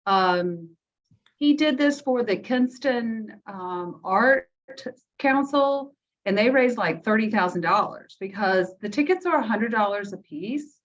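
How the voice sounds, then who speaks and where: Guest: chatty woman on a lo-fi call line, mid-pitched, tells stories with asides. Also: expressive, slow. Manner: chatty, storytelling with quoted asides. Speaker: guest, health care foundation director. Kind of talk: casual video call chat. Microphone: video call. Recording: dull lo-fi call audio.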